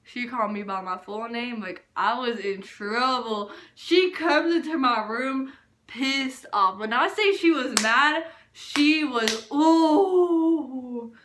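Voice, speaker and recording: High, bright young woman telling a story. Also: slow, echoey room, slight background noise. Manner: casual, animated, heavy on filler words. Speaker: vlogger. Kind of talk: storytime vlog.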